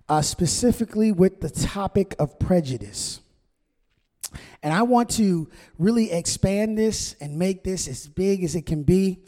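A man's voice: a little high, dark tone. A male pastor giving a conversational sermon with call-and-response to his congregation in a church. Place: church sanctuary. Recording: long church hall reverb.

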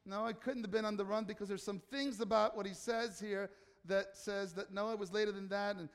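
A man preaching a sermon as pastor, emphatic, asking the listeners rhetorical questions and swinging from soft, slow passages to loud declarations. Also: high-pitched, fairly even intonation, in a large hall.

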